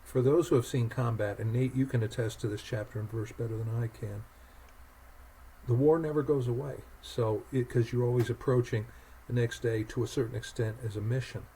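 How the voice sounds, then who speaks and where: A man's voice: medium pitch, steady tone, brisk, mellow, slight background noise, rough recording. A man hosting a podcast, telling stories in an emphatic conversational way, often repeating words as he gets going. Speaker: podcast host. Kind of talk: conversational storytelling.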